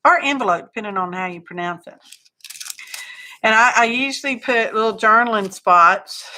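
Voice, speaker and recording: A woman's voice: mid-range voice, normal speed, sharp tone, a little hiss or hum. A woman hosting a casual live craft stream, chatty and folksy, greeting viewers by name. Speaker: crafting livestream host.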